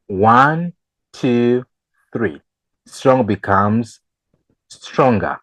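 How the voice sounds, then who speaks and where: A man teaching English grammar, switching between English and Kinyarwanda and repeating each example slowly. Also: lowish voice, animated, darkish tone, no room sound, low-quality recording. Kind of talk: bilingual grammar lesson.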